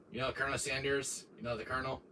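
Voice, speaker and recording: Heard through a distant microphone with a little background noise, a man hosts a laid-back livestream in a bright, pushed, mid-range voice. Frequent laughs and many fillers pepper his rambling mix of jokes and gaming chat.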